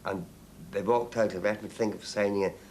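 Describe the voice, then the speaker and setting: Older Northern Irish man, low halting voice. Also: steady tone, a little mellow, a little hiss or hum. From Northern Ireland. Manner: halting, repeats words as he recalls. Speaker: interviewee. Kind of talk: documentary testimony.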